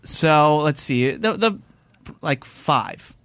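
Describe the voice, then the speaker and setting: A man hosting a relaxed podcast tells a story in an animated way, laughing as he goes and restarting his sentences. His voice sits a bit high. The close studio mic gives a dry sound. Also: slow pace, clear, resonant tone, dry recording. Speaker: podcast host. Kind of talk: casual chat, storytelling.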